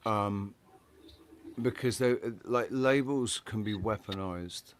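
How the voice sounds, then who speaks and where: A man's voice: on the low side, slow pace, noisy background. A man hosting a casual live-stream chat, blunt and swearing, often restarting his words. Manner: blunt, swearing, repeats words while searching. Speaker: host.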